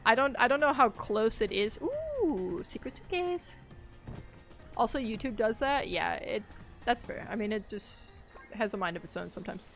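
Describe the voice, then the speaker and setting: A woman's voice: a little high, very animated, normal speed, faint music behind. A woman chatting casually on a game live stream, rambling, laughing often and reacting aloud to the game. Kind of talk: casual live-stream chat while gaming.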